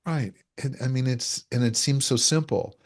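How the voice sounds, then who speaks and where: A man's voice: mid-range voice, moderate pace. A man speaking as an expert guest in an interview, explaining ideas through everyday examples and acting out the voices he quotes. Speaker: relationship energetics expert guest. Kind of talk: explanatory conversational interview talk.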